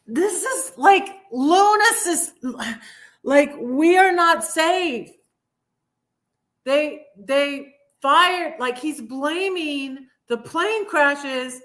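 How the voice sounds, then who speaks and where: Pushed and bright, a middle-aged woman's high voice carries her livestream as she rambles with sarcasm and gets worked up about politics in a casual rant.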